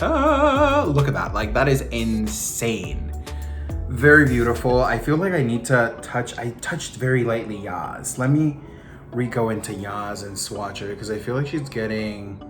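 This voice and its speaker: A young man hosts a beauty review vlog, sassy and animated, peppering his talk with campy slang and playful vocal swoops. His voice sits at a middle pitch, and faint music plays beneath it.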